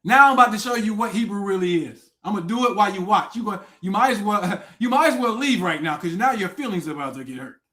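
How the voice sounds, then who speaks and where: High-voiced man ranting on a livestream. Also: expressive, fast talker. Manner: loud, profane, taunting, swings between shouting and muttering. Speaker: livestream host. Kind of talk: confrontational livestream rant.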